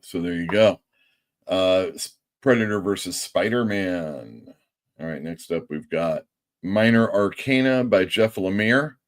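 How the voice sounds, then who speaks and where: A man's voice: deep voice, lively intonation, a little slow. A man hosting a livestream show as a comic shop owner, chatty and self-mocking. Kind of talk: casual livestream talk.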